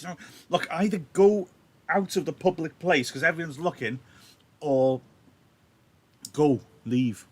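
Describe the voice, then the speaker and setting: A male teacher livestreams a reading lesson from his laptop, analyzing a play while being chatty and apologetic about his slightly sore throat. His voice is a bit high with lively intonation, a little slow, and he pauses often.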